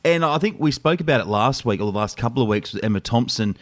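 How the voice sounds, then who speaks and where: A man's voice: mid-range voice, animated, fast. A man hosting a film podcast, chatting casually, laughing often and rambling. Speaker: podcast host.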